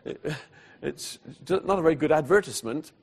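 A man preaching, telling a personal story in an animated way and voicing the people in it, then going hushed at solemn moments. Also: on the high side, moderate pace, breathy edge. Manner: animated storyteller who voices the people in his tale; drops to a hushed, quiet delivery at solemn moments. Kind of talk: storytelling sermon.

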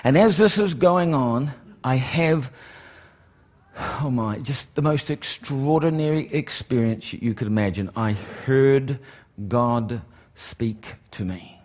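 A middle-aged man telling a testimony in a sermon, animated and repetitive, building to excited emphasis. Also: mid-range voice, unhurried. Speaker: preacher.

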